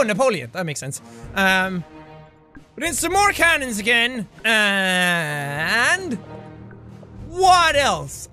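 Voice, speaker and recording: High-pitched hyper Irish gamer guy. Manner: loud, swings to shouting and cursing. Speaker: gaming YouTuber. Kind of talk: excitable let's play commentary.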